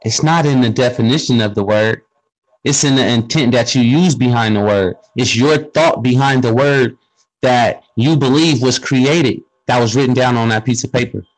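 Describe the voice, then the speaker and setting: Brief: man, middle pitch, relaxed slangy explainer in a casual group talk. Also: normal speed, low-quality recording. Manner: explains with questions and street slang. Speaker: speaker in a group discussion. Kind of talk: casual conversational monologue.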